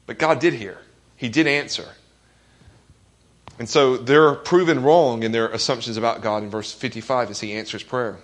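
A man's voice: mid-range voice, moderate pace. A man preaching a sermon as pastor, earnest, asking the congregation questions and quoting scripture with rising emphasis.

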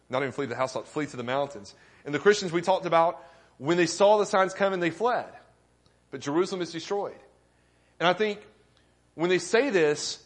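This male pastor has a slightly high voice and delivers his sermon earnestly. He poses questions to the congregation and steadily builds emphasis.

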